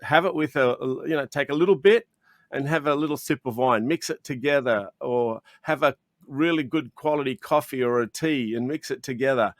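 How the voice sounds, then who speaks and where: An Australian chocolatier, a man, is a guest in a video interview recorded over a video call with a dry, clean studio sound. He speaks at medium pitch and normal speed, eagerly and animatedly telling stories. He acts out exchanges with customers, often restarting his sentences.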